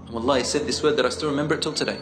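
A man's voice: mid-range voice, fairly even intonation, racing, fairly bright tone, faint music behind. A man, a teacher, giving a sermon, telling stories and asking his audience questions. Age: adult, a teacher. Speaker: preacher. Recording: echoey hall, faint ambience.

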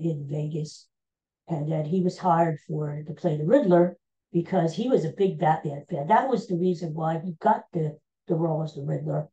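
A man's voice: on the high side, warm tone, dull audio. A man in his sixties hosting a podcast in casual chat, rambling and hesitant with many filler sounds. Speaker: podcast host.

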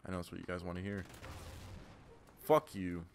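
A man's voice: deep voice, level tone, racing, gravelly, a little hiss or hum. A young man giving profane, ranting gameplay commentary as a gaming channel host. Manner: profane, ranting, trash-talking.

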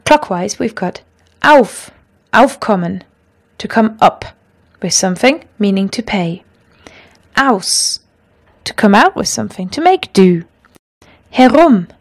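A woman teaching a language lesson, explaining grammar rules patiently and clearly and reading out example sentences. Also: medium pitch, darkish tone.

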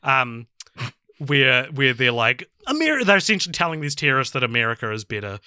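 Young man, podcast co-host, bright tense tone, casual chat, frequent laughs, dry close sound. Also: mid-range voice, big pitch swings, smooth, no echo. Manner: chatty, laughs often, halting restarts. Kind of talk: casual film review chat.

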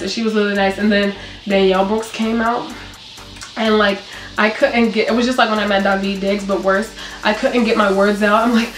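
A young woman talking casually to camera, her pitch moderate and her delivery lively as she acts out bits of dialogue. The room is echoey, with faint music playing underneath her voice. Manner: animated storytelling, acts out quotes in a higher voice. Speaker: vlogger. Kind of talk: casual chat.

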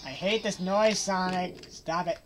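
A woman's voice: fairly low pitch, fairly even intonation, unhurried, noisy background. A woman playing a horror video game and commenting on it with sarcastic, joking, mock-cheerful remarks. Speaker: let's play gamer. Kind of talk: gameplay commentary. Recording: game music loud behind voice. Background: game music.

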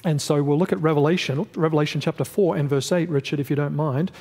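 A man's voice: fairly high pitch, steady tone, fast, a little mellow, breathy edge, big-room sound. A male pastor teaching a Bible study lesson in a church, speaking emphatically and asking his class questions.

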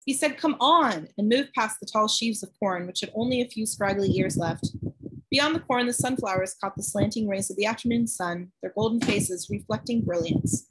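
A woman reading a novel aloud with steady, even storytelling. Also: mid-range voice, normal speed, background noise. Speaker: audiobook narrator.

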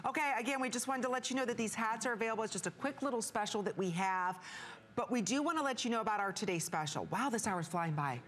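A woman hosting a live shopping channel, pitching products in an upbeat, salesy way. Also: quick pace, a bit bright. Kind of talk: live TV selling.

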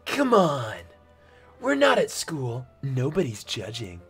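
An easygoing schoolboy hero, read by a man from a visual novel. His plain, casual voice carries a teasing tone and moves lively through its pitch. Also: takes it slowly, soft background music, heavily acted. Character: male high school student, easygoing. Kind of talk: reading visual novel lines aloud.

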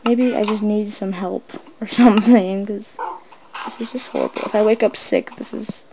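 A woman giving casual, excitable commentary while she plays, chatting away and coaxing her pet in the game. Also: mid-range voice, normal speed, creaky, background noise. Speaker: let's play host.

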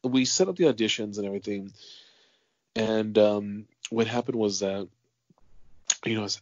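Male podcast host, low-pitched, animated storyteller who curses casually, dull lo-fi dry recording. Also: moderate pace, long pauses, no room sound. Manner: animated storyteller, swears freely, acts out quotes. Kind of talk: casual interview chat.

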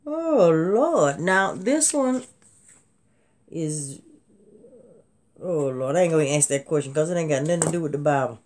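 A woman's voice: sits low, expressive, normal speed, pauses often, a little mellow. Chatty woman hosting a live sale. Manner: chatty and folksy, addresses viewers as y'all. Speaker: host of a live jewelry sale. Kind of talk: casual live-stream selling with Bible trivia.

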